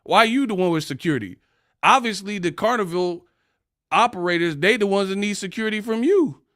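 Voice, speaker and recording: A man's voice: high-pitched, fairly quick, dry recording, clean studio sound. A man hosting a casual boxing commentary rant, mocking and laughing as he talks. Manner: animated, mocking, laughs often.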